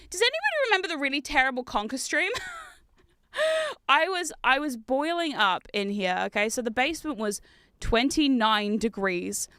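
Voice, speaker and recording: A woman in her thirties chats while she streams a game, and her voice sits high and rings bright and clear. She tells stories in an animated, chatty way, laughing and swearing freely. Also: no room sound. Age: 30s. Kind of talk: casual gaming stream chat. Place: home gaming room.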